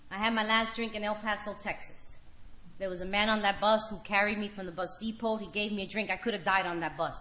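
A woman's voice: medium pitch, fairly even intonation, fast talker, bright, forceful tone, roomy sound. A woman giving a candid personal share at a recovery meeting, telling her story frankly and with wry humor to a room of listeners.

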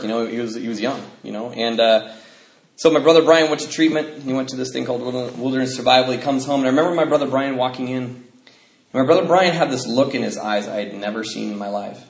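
A man's voice: medium pitch, fast. A man giving a personal testimony to a live group, telling his story loosely with many fillers and laughing through the darker parts. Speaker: speaker sharing his recovery story. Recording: echoey room, faint background noise.

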